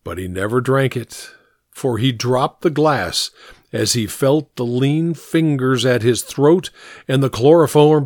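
An expressive man narrating an audiobook, his pitch ranging widely as he tells the tale. The sound is close and dry. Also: no room sound.

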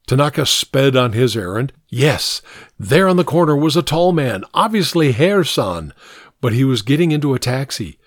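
A man narrating an audiobook in an expressive storytelling manner, recorded close to the mic. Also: mid-range voice, normal speed, no room sound.

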